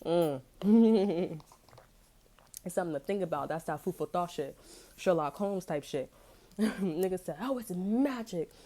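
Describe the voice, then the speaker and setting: Casual woman tarot reader, slightly low voice, chatty and slangy, laughs through her stories. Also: measured pace, long pauses, dark tone. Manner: loose, slangy storytelling, laughs often.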